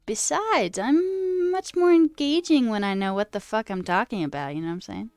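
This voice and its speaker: A woman's voice: on the high side, expressive, normal speed, darkish tone, dry recording. A woman streamer chatting casually and reading chat aloud, rambling, laughing often and swearing now and then.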